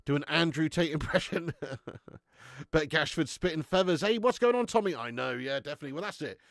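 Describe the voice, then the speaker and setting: Brief: young man hosting a live stream, slangy banter, laughs a lot, somewhat higher voice, stuffed up with a cold, dry close sound, garage setup. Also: expressive, fairly quick, fairly bright tone, dry recording. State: has a cold. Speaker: livestream host. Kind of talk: casual live-stream chat reading comments. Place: home garage.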